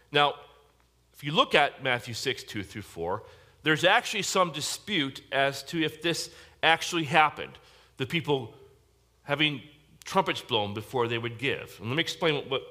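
A man's voice: mid-range voice, bright, forceful tone. A man preaching a sermon to a congregation in a church service, emphatic and direct, often asking the listeners questions. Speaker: pastor.

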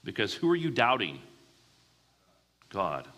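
Bright-voiced preacher in a reverberant hall. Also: male voice, medium pitch, huge pitch swings, unhurried. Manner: asks the audience questions and answers them. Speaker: pastor. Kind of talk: sermon.

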